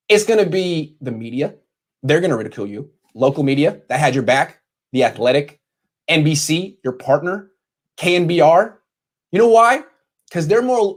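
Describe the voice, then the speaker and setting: A man delivering a sarcastic, scolding vlog rant from his bedroom. His pitch rises and falls with animated, mocking emphasis. He talks straight to the camera and piles up jabs. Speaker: sports commentator.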